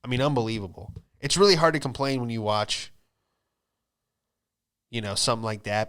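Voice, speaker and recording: A man hosting a podcast, doing a loose, profane comedic monologue and slipping into quick put-on voices. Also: mid-range voice, expressive, a bit bright, smooth. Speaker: podcast host, stand-up comedian.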